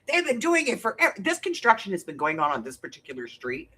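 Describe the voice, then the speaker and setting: Husky lady chatting on her craft livestream, voice jumps all over, laughs a lot, middle-aged. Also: medium pitch, quick pace, hardly any pauses. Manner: chatty, animated storyteller, laughs often, greets viewers by name. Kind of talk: casual chat to live viewers.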